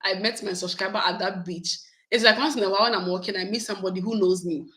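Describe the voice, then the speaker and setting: A woman, chatting casually with her viewers in a vlog, animated and laughing often. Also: mid-range voice, quick pace, rough recording. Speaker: YouTube vlogger. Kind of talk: casual live chat with viewers.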